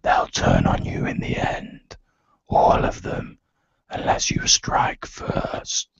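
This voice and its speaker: A man's voice: takes it slowly, no echo, lo-fi sound, close to an everyday voice. A man voicing a cold, inhuman presence that whispers into a player's ear in a tabletop game. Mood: menacing whisper. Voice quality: whispered, bubbling.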